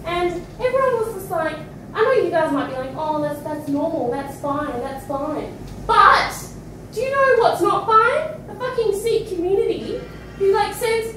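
High-voiced Australian woman, echoey room. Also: measured pace, a little hiss or hum. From Perth, Australia. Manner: animated, frank, swears often, laughs mid-sentence. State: tired and phlegmy. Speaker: feature poet. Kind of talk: casual stage banter. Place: small indoor studio venue with live audience. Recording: echoey room, mic from far off.

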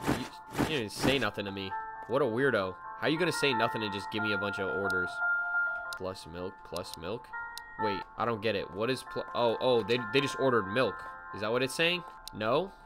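A man giving let's play commentary to his chat, excitable and full of slangy exclamations as he reacts to the game. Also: on the low side, moderate pace, over loud music. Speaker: gaming video creator.

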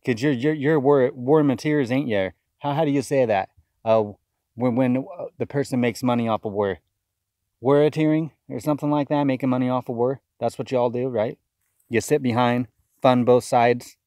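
A man's voice: mid-range voice, moderate pace, dark tone, no echo, studio quality. A man giving a fiery, accusatory video sermon, often repeating words as he rants. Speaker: self-styled preacher. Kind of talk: impassioned video sermon rant.

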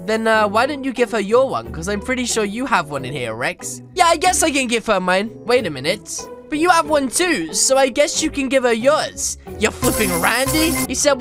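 A young woman YouTuber giving playful, animated game commentary and teasing her friends. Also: a little high, music in the background. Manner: animated, teasing, quick switches between narration and banter. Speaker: gaming YouTuber.

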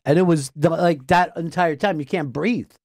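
A man telling profane stories on a radio talk show, animated and laughing as he goes. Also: fairly high pitch, moderate pace, no echo, studio quality. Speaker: guest, radio host. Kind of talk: casual talk-show storytelling.

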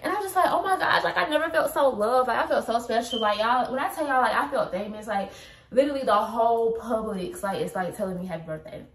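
A woman, chatting casually to her vlog audience, animated and full of "like" and "y'all". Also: a little high, fast talker. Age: 20s. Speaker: vlogger. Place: at home, later in a car.

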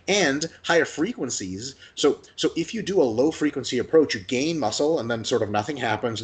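A man talking fast on a casual podcast interview, profane and animated, acting out imagined conversations with his own voice. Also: lowish voice. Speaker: guest, hypertrophy coach.

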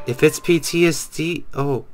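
A man hosting a casual reaction video, excitable and exclamatory, often laughing. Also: a little high, unhurried, soft background music.

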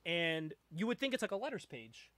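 A man hosting a casual comic book chat, animated and laughing often as he reads panels aloud. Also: high-pitched, brisk, no room sound. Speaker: podcast host.

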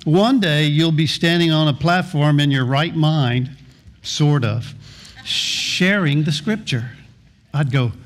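A man's voice: on the high side, slow pace. A middle-aged man preaching a sermon as pastor, earnest, often repeating and restarting words.

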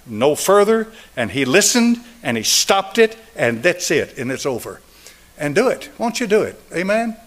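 In his seventies, a pastor delivers a sermon ending in an altar call, his voice slightly raised. He drives phrases home by repeating them, his emphatic cadence swinging from forceful to nearly hushed as he pleads with the congregation.

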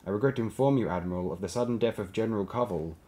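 Nervous young male officer read by a male narrator, stiff, anxious, raised and higher, audiobook. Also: rapid-fire, warm tone, close to an everyday voice.

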